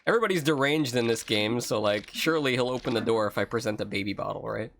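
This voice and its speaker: A man's voice: mid-range voice, fast talker, creaky, slight background noise. A man streaming a horror video game, joking and chatting to his viewers as he plays. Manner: animated, joking, talks to chat. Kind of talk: let's-play commentary. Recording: game music under voice. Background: game music.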